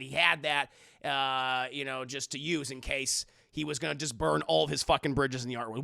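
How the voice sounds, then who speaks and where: A man's voice: fairly high pitch, gravelly, pushed and bright, dry recording. A man reviewing a film live for his chat in a casual, profane, rambling recap.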